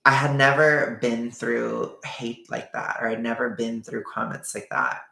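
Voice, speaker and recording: Young guy with a gravelly bright voice, rambly storytime vlog, kinda echoey room. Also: mid-range voice. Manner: rambling, lots of fillers and quoted dialogue. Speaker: YouTuber telling a personal story. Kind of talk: casual storytime monologue.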